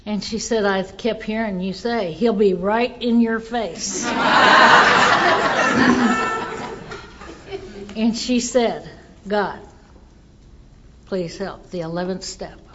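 A woman's voice: medium pitch, takes it slowly, darkish tone, lo-fi sound. A woman giving a personal recovery testimony, telling her story earnestly and voicing the people in it. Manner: earnest storytelling, quotes others in dialogue.

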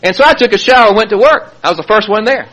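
A middle-aged man giving personal testimony at a recovery meeting from a podium, telling his story animatedly and swinging from hushed to loud. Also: high-pitched, expressive, quick pace, a little hiss or hum. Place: speaking at a podium.

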